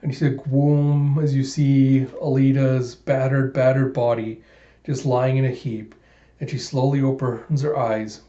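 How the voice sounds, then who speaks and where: A man narrating a comic readthrough in a casual, emotional and enthusiastic way. His voice is mellow and dark. The recording sounds roomy and slightly dull. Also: mid-range voice, level tone, measured pace. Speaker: manga reader and vlogger.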